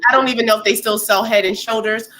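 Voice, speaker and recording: A woman co-hosting a casual gossip chat, blunt and animated, often acting out quotes. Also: fast. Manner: animated, blunt, acts out quotes in high voices. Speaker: co-host.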